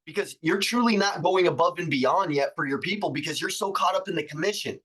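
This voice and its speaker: Male sales coach co-host, emphatic and motivational, high bright voice. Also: fairly quick, low-quality recording. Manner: emphatic, fired-up, blunt with swearing. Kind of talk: motivational live-stream talk.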